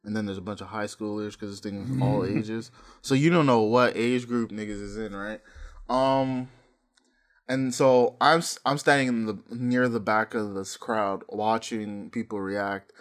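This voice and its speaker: A young man co-hosting a podcast, casually telling stories, laughing often and breaking into loud impressions of hype men. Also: fairly low pitch, steady tone, measured pace. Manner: laughing storyteller, mimics hype men with yells. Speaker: podcast co-host. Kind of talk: casual chat.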